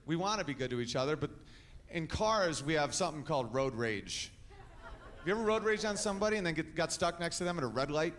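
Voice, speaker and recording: A man's voice: a little high, lively intonation, fast, fairly bright tone. A man doing a stand-up comedy set in a club, a brash storyteller who acts out both sides of his stories. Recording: noisy club recording with audience.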